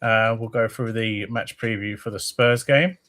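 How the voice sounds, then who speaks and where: A man's voice: lowish voice, fairly even intonation, measured pace, a bit bright. A man hosting a casual live football fan stream, rambling and reading viewer comments aloud. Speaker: host of a football fan channel.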